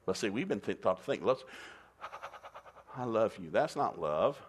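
Male pastor, middle-aged, lowish voice, animated sermon delivery, playful storytelling, call-and-response. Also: slow pace, a little hiss or hum.

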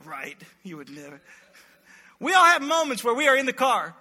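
A man preaching an animated, joking sermon to his congregation in a large church hall. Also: high-pitched, a little fast. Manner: animated, storytelling, jokes with congregation. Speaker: pastor. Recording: echoey hall reverb.

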